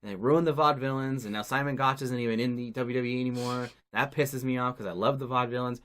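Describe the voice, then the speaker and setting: A man's voice: mid-range voice, steady tone, fast, a bit bright. A man co-hosting a casual gaming podcast, joking and rambling, swearing now and then. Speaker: podcast co-host.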